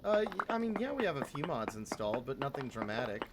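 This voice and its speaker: A livestreaming gamer who rambles along casually, dropping swears and chatting to viewers mid-game. The voice sits at a middling pitch. Heavy noise runs loud behind the streaming mic. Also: big pitch swings, fast talker. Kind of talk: casual live stream chat.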